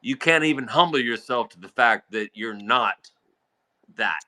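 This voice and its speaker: A man's voice: medium pitch, lively intonation, a little slow, pushed and bright. A man arguing casually, lecturing someone in an insistent way. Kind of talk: casual argument.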